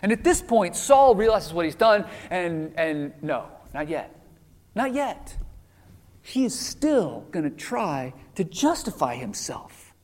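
Animated preacher in a reverberant hall. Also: male voice, high voice, takes it slowly. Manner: animated storytelling with acted quotes. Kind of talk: sermon.

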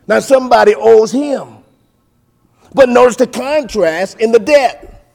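A man with a high voice delivers a sermon in a rolling preacher's cadence. He drops to quiet, low asides, then lifts into loud, drawn-out emphasis, calling out to "folks" again and again. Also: gravelly. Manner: preaching cadence with sing-song rises and big swings in loudness; keeps addressing listeners as folks.

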